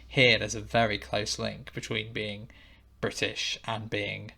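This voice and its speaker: A man hosting a podcast interview, measured and summarizing his guest's points. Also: on the low side, completely flat delivery, creaky, bright, forceful tone. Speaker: podcast host. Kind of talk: interview questions.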